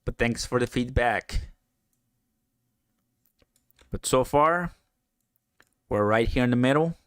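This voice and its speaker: A man hosting a casual live stream, chatting excitedly, laughing often and answering viewer comments. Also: mid-range voice, slow pace, clean tone, no room sound, studio quality.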